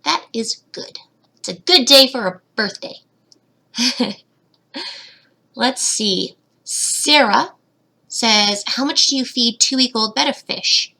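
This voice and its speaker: Giggly woman with a gravelly, cracking voice. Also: fairly high pitch, slow pace, pauses often, bright, forceful tone. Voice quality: voice slightly cracking. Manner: chatty and giggly, reads comments aloud. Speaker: fish-keeping channel host, betta breeder. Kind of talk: casual livestream Q&A, reading chat. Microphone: webcam.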